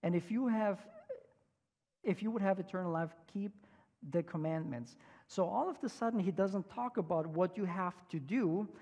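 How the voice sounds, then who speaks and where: A male pastor preaching a sermon in a relaxed, conversational way, full of fillers and restarts. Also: high voice, moderate pace, dull audio. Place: church sanctuary. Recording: long church reverb.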